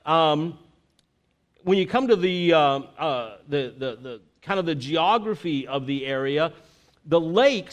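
A middle-aged man from Florida, giving a conversational sermon as pastor, halting with many fillers and restarts. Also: on the high side, smooth.

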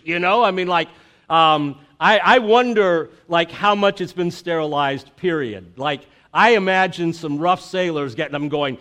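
Pastor, man, middle-aged, relaxed sermon delivery with frequent fillers; clear, slightly high voice. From Florida. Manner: halting, many fillers and restarts. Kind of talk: conversational sermon.

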